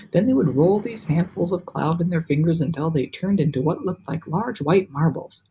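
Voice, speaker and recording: A man reading a children's novel aloud with lively, animated storytelling. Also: on the high side, breathy edge. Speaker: reader.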